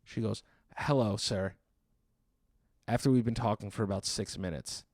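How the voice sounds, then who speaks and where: A man's voice: lowish voice, fairly even intonation, fast talker, a little mellow, dry recording, studio quality. Exasperated man telling a story. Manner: exasperated, sarcastic retelling with acted-out quotes. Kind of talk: stand-up storytelling.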